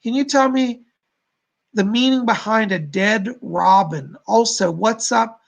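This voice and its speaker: Gravelly-voiced man giving psychic readings. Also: high-pitched. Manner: gentle, halting, relays spirit messages. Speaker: psychic reader and host.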